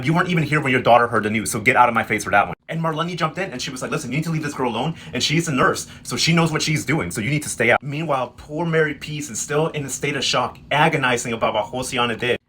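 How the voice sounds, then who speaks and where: A man giving a sassy, slang-heavy casual recap, quickly acting out characters' lines. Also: medium pitch, bright, forceful tone, a little hiss or hum. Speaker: recap host. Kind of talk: casual comedic recap narration.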